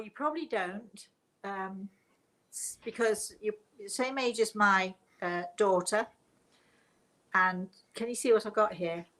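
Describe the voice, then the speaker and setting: A woman's voice: mid-range voice, fairly bright tone, low-quality recording. An older woman, host and spiritual medium, chatting casually on a live stream, rambling and laughing often.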